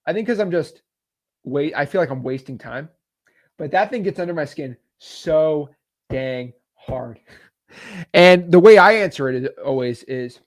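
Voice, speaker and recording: A man with a higher-than-average voice and lively intonation gives a casual coaching talk on cold calling. He's chatty, tossing in quick asides and laughing frequently, and the recording is dry.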